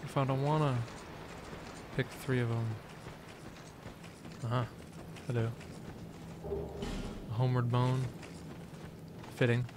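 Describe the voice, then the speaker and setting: A young man doing let's play commentary, excitable and sarcastic, trash-talking enemies and swearing. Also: medium pitch, slow pace, pauses often. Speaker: gaming video host. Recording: noisy background.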